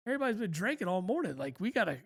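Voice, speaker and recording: Podcast co-host, man, slightly higher voice, loose rambling storyteller who swears casually. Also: big pitch swings, rapid-fire, creaky, fairly bright tone, husky. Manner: rambling, laid-back, swears freely.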